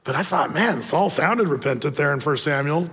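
A pastor in his sixties preaches a sermon in a conversational, storytelling style, acting out quotes. His fairly high, fairly bright voice is animated at a normal speed, and a large hall adds long reverb.

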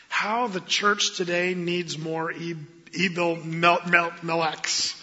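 A man preaching a sermon as pastor of his church, animated and acting out quoted voices. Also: on the high side, takes it slowly. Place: church sanctuary. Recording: dull lo-fi sound with long hall reverb.

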